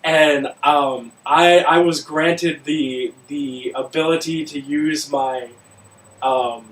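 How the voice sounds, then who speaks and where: A man with a high voice spins a long work story on a casual podcast, loud and swearing freely. He sounds roomy, caught by a microphone set some way off. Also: takes it slowly. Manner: loud, profane, animated storyteller. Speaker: podcast co-host. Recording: roomy room, mic at a distance.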